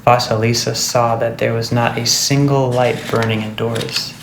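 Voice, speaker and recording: A man reads a fairy tale aloud in a steady, measured storytelling voice. His tone has a gravelly, creaky texture. The recording carries a clear room echo. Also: medium pitch, background noise. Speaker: narrator. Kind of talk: storybook reading.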